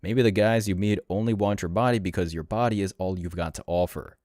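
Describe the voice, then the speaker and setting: A man's voice: deep voice, a little fast, a little mellow, dry recording, studio quality. A man narrating reaction clips in a scripted, sneering and mocking tone. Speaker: commentary channel narrator.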